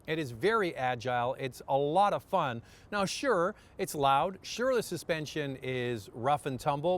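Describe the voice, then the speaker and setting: A man talking casually and enthusiastically as he reviews a car, with fillers and restarts. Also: medium pitch.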